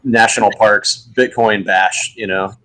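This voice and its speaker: A man joining a casual group chat as a guest, animated and joking. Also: fairly low pitch, measured pace, a little hiss or hum, low-quality recording. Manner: animated, jokey.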